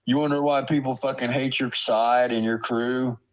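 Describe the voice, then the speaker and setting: Heated and profane, this streamer, a grown man with kids, tears into some online drama, cursing heavily and tripping over his words in disbelief. He speaks at normal speed in a mid-range voice with fairly even intonation, captured on a low-quality recording.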